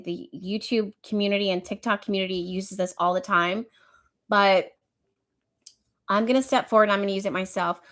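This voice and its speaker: A young woman hosting an astrology livestream, talking casually and reading out viewers' comments. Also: medium pitch. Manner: chatty, reads out viewer comments. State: out of breath, wheezing.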